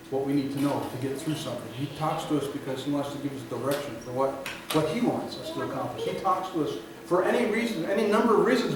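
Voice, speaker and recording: A man preaching from the pulpit, his voice set a little higher than most, rising to loud emphatic peaks and then falling quiet to stretch out a phrase. He is caught from well back in a big, echoing sanctuary, with room noise clearly underneath. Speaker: pastor. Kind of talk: sermon. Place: church sanctuary. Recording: echoey hall, recorded from far off, audible room noise.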